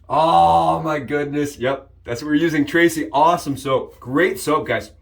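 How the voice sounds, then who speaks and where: A man hosting a casual shaving vlog, upbeat and jokey, rambling with frequent restarts and sudden excited jumps in pitch. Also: moderate pace, gravelly, hardly any pauses. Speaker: shaving channel host. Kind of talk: casual shave demonstration vlog.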